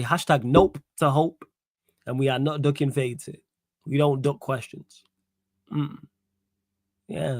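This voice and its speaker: A young male host runs a solo football Q&A livestream, talking casually and slangily, laughing and riffing as he reads comments. His medium-pitched voice is on a dry, close mic with no echo.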